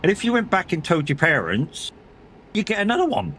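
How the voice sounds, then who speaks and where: A man's voice: sits high, very animated, fairly quick, gravelly, fairly bright tone, a little hiss or hum. Sweary, rambling middle-aged man. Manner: rambling, sweary, laughs often. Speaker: streamer. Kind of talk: casual chat while gaming.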